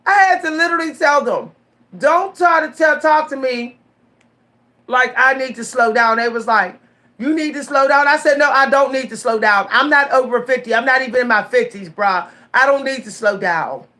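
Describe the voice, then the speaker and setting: A woman in her forties telling stories straight to her viewers in a casual vlog, animated, repeating her words and laughing often. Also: high voice, moderate pace. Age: 40s. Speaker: vlogger.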